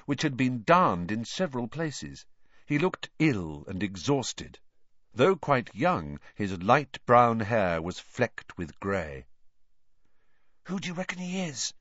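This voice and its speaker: Man, audiobook narrator, low voice, animated delivery, dry dull recording. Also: no echo. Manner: expressive, measured reading. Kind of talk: scripted storybook narration.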